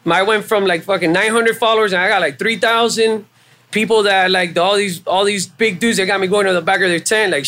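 A man with a fairly high voice tells his story on a podcast, loose and casual. He swears freely and jumps into the voices of the people he's quoting, keeping the telling animated. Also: brisk. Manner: animated and profane, acting out quoted exchanges. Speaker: podcast guest. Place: live show at a venue.

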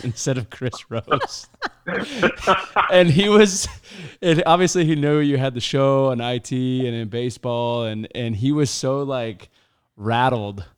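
A man, a professional baseball player guest, telling stories in an animated, laughing way during a casual chat. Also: mid-range voice, smooth.

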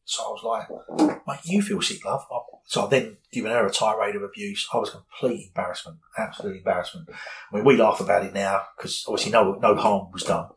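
Candid middle-aged man, lowish voice. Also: steady tone, fast talker, slight background noise, low-quality recording. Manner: candid, rambling, with many fillers. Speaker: interviewee. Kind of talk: personal storytelling in an interview.

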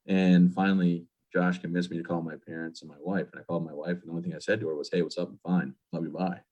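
A man's voice: low-pitched, level tone, fast talker, mellow, dull audio. A man in his thirties, a veteran guest, telling his personal story in a candid, plain-spoken interview manner.

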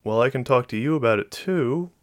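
A man's voice: medium pitch, animated, brisk, no echo, studio quality, voice pushed up, close to an everyday voice. A man voicing a young female pilot who speaks in a tentative, apologetic way in an audiobook. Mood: earnest.

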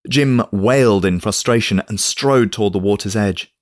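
A man reading a novel aloud in steady, measured scripted narration. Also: fairly low pitch, no room sound, studio quality. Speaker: audiobook narrator.

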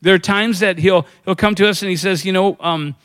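A pastor preaches in a conversational way, his high voice brisk and a bit bright. He poses questions to the congregation and acts out the voices of the people he quotes.

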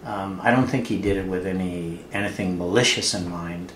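An older man from Canada with a deep voice recalls his father in an unhurried, roomy recording. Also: a bit bright. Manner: unhurried, halting, amused storytelling. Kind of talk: anecdotal storytelling. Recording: roomy with faint noise.

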